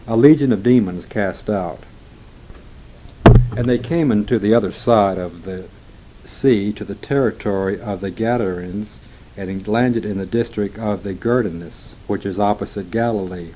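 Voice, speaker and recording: A man reading scripture aloud in a steady, measured way. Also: fairly low pitch, slight background noise, rough recording. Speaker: scripture reader.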